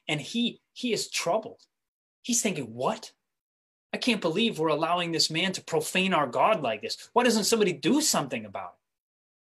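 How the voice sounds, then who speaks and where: A man preaching a sermon in a conversational way, often restarting and repeating words, telling stories with animation. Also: a little high. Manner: animated storytelling, speeding up and slowing for emphasis.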